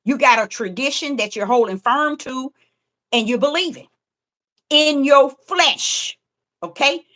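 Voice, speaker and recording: A woman's voice: sits high, measured pace, bright, forceful tone. A middle-aged woman, preaching fervently online with rhythmic, repetitive emphasis. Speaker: self-styled prophetess preaching online. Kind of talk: impassioned preaching.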